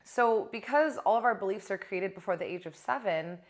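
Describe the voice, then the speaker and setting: A young adult woman coach talking casually to camera in a blunt, animated way, swearing now and then. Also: medium pitch, a little fast. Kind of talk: casual direct-to-camera talk.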